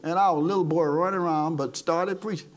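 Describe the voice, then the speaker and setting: A man's voice: on the high side, steady tone, fast, faint music behind. A man preaching an impassioned sermon as pastor, calling people forward and retelling stories with acted-out quotes. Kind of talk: sermon with altar call. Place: church service.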